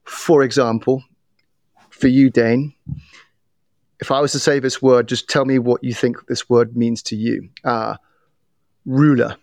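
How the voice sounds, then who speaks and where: A middle-aged man, a guest on a podcast, explaining how people's biases work in an animated way, telling stories and often restarting his sentences. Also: medium pitch, a little slow, long pauses, no room sound, studio quality. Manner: animated storyteller with repeated restarts. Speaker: podcast guest, bias trainer. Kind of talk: casual interview talk.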